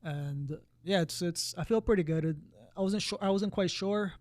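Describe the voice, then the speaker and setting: Halting, rambling man with a dry sound. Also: high voice, darkish tone, no echo. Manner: rambling, halting with many restarts and fillers. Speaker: podcast co-host. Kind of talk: casual conversation.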